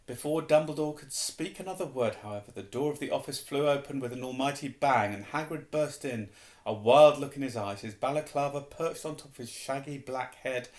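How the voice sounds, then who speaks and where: A man reading a novel aloud as an audiobook, steady and unhurried. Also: mid-range voice. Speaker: reader. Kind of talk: audiobook narration. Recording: roomy echo.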